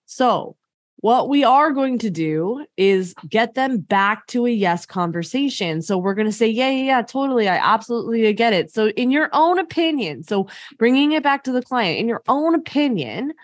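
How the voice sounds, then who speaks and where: Woman, podcast host, sales coach, higher voice, dry close sound, energetic and chatty. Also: moderate pace, no echo. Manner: energetic, conversational, acts out client lines. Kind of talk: solo podcast teaching.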